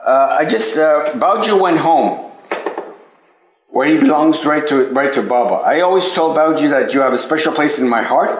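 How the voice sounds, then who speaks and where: A man with a slightly raised voice recounts a personal memory to a gathered group, stumbling and restarting as he goes. When something amazes him, his voice climbs high. The room around him rings with echo. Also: normal speed, a little hiss or hum. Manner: hesitant, full of restarts, grows animated and high when amazed. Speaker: devotee sharing memories. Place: meeting room at a spiritual center. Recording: echoey room recording.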